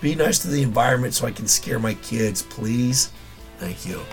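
A man's voice: medium pitch, normal speed, faint music behind. A man hosting a casual solo podcast, rambling and wry with a little profanity, his voice worn and nearly gone. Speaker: podcast host.

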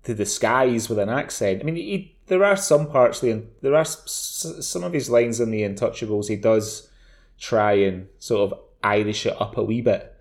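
A man's voice: fairly low pitch, moderate pace. A man co-hosting a podcast, chatting casually, swearing freely and repeating words as he starts his sentences. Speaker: podcast co-host. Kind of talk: casual chat.

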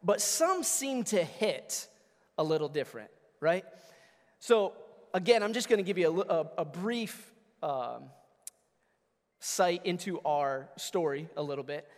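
A man in his thirties, a pastor preaching a conversational, energetic sermon and calling out to his congregation. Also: sits high, measured pace, big-room sound. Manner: energetic, conversational preaching with audience call-outs. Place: church sanctuary.

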